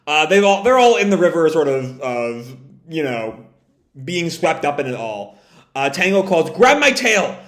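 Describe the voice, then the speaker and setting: A man's voice: fairly high pitch, a bit bright. A man casually reading a comic aloud and commenting on it, rambling and correcting himself as he goes. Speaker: comic reaction host. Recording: echoey room.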